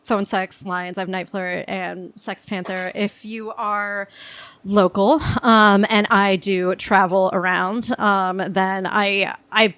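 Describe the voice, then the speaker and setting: A woman's voice: mid-range voice, little pitch movement, slow pace, a bit bright, smooth, no echo. Frank, laughing woman guest, dry sound. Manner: laughing often, frank, profane. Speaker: guest, dominatrix. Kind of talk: casual interview chat.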